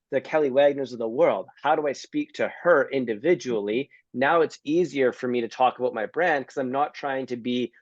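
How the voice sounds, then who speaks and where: A man's voice: mid-range voice, no echo, lo-fi sound. A man hosting a community video call, talking casually and earnestly, with some rambling restarts. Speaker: host of a giving community call. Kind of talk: casual chat.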